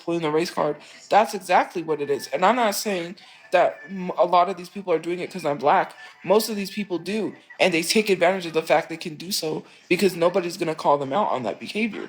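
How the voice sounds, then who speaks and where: A woman's voice: fairly low pitch, brisk, poor audio. A woman streamer talking in a rambling, emotional, confessional way. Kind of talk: casual rambling stream talk.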